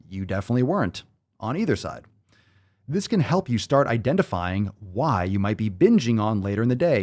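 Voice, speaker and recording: A man's voice: lowish voice, darkish tone. A man hosting a podcast, ranting with blunt, profane, sarcastic commentary and mocking asides. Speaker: podcast host.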